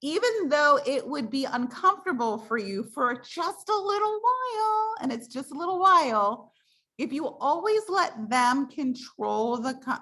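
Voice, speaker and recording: A woman coaching her sales team on a call, chatty and animated. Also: high voice. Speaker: direct sales team leader.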